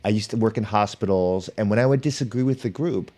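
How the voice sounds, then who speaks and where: A man's voice: on the low side, fast talker. A middle-aged man, an author and professor, telling stories in conversation and acting out the people in them. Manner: animated, acts out quoted people in his stories. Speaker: author and professor, podcast guest. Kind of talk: storytelling in conversation.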